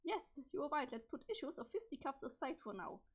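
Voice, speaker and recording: Reading chat logs from a webcomic, a woman plays an eager, adventurous teenage boy who is easily impressed, using exclamatory, quirky old-timey slang. Her voice sits high and moves quickly, very animated and excited. It sounds strained, as though it's giving out.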